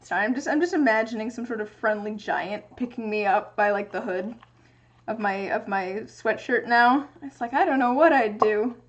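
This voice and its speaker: The audio is dull, and the young woman's voice runs on the high side at a normal speed. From her home craft space in the US Pacific Northwest, she livestreams resin dice making, casually chatting and thinking out loud.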